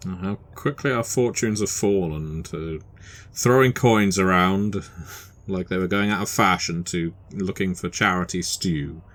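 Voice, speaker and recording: Brief: man, very deep voice, wry tabletop player. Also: measured pace, a bit bright. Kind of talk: tabletop game play.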